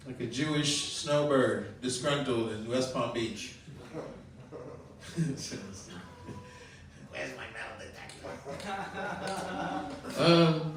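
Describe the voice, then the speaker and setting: A middle-aged man from Colombia doing open mic stand-up and chatting with the crowd, with a halting, rambling delivery full of ums and little laughs. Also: medium pitch, a little hiss or hum. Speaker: stand-up comedian. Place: comedy club room. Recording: echoey room, mic far off.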